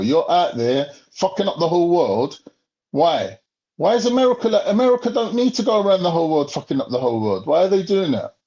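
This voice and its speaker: A young man launches into a heated, profane rant. His voice sits fairly high for a man and he keeps throwing out rhetorical questions in a loose, casual delivery. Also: a little mellow, muffled recording.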